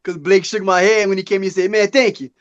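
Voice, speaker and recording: Podcast co-host, man, high voice, earnest casual storyteller. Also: flat delivery, a little fast, smooth, highs cut off. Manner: earnest storytelling, acts out quoted dialogue in a high voice.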